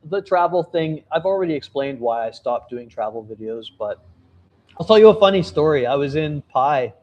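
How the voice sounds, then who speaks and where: A man's voice: a little high, animated, moderate pace, darkish tone, dull audio. Chatty man giving a casual vlog update. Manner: chatty, candid, swears casually. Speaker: travel vlogger and novelist.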